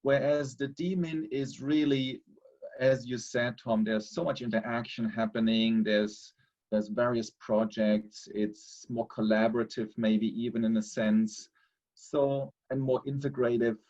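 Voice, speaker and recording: A man, a theology lecturer, talking in a measured, hesitant way with many fillers. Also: mid-range voice, steady tone, a little mellow, muffled recording. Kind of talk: webinar discussion.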